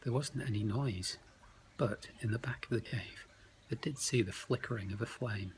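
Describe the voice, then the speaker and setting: A man telling a bedtime story, slow and expressive, often dropping to hushed tones. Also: lowish voice, a little hiss or hum, low-quality recording.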